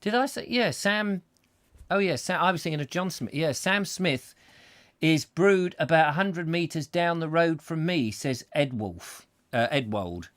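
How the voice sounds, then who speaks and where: A man's voice: a little high, expressive, unhurried, fairly bright tone. A man hosting a live comic chat show, rambling and joking while reading out viewer comments. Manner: rambling, jokey, thinking aloud. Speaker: host.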